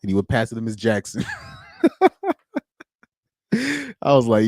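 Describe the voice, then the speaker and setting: A man's voice: on the low side, fairly even intonation, measured pace, darkish tone, no echo, studio quality. A young man streaming alone, chatting casually in slang, rambling and laughing as he goes. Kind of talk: casual chat.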